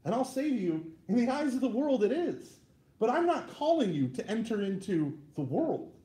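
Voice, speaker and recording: A man in his thirties giving a lively, joking talk to a live audience as a Catholic speaker, with frequent "right?" asides. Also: high-pitched, reverberant, low-quality recording.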